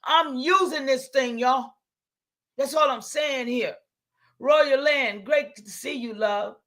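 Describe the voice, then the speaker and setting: A middle-aged woman, hosting a livestream and preaching to her viewers, excitable and calling out to them, breaking into shouts. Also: high voice, takes it slowly. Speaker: livestream host. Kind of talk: impassioned livestream talk.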